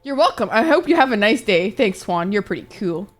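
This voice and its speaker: A woman's voice: mid-range voice, big pitch swings, a little fast, soft background music. A woman streaming a game live, chatting casually with her viewers, swearing often and reacting to chat.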